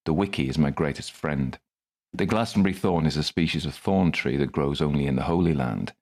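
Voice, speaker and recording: A man's voice: extremely low pitch, fairly quick, a little mellow. A man narrating his own first-person story in a dry, wry manner.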